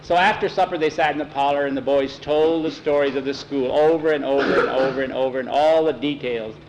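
A man's voice: mid-range voice, fairly even intonation, fairly quick, background noise. A man telling a children's story aloud in a folksy, homespun way, with small slips and self-corrections.

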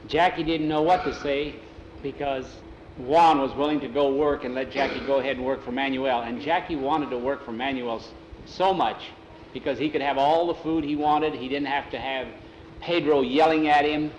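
Male oral storyteller, casual folksy telling with character voices, mid-pitched, room echo, faint background hiss. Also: moderate pace, lo-fi sound. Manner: relaxed folksy telling, slips into broken-English character voices. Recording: roomy, faint ambient noise.

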